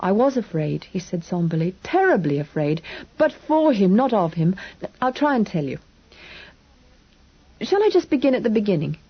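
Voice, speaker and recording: A woman reading an audiobook, voicing a frightened, hungry young English boy who talks quickly and anxiously. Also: mid-range voice, big pitch swings, husky, highs cut off, heavily acted. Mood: somber. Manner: quick, anxious, breathless questioning.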